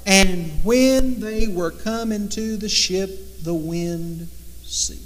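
With lively intonation, a high-voiced male preacher alternates forceful, emphatic declarations with quiet, stretched-out passages. A long reverb lingers after every phrase.

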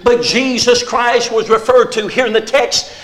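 Fervent high-voiced preacher man. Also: moderate pace, low-quality recording. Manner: fervent preaching, rising and shouting on key phrases. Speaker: pastor. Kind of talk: sermon.

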